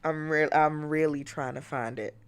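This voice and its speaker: A woman's voice: low-pitched, steady tone, normal speed, clean tone. A woman streamer chatting casually through a watch-along, laughing often, playfully exasperated, sometimes dropping to a whisper.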